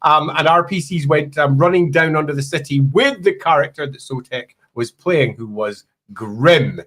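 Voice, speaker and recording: A man hosting a casual chat about tabletop games, animated and rambling, laughing often. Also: fairly high pitch, moderate pace. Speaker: host and game producer.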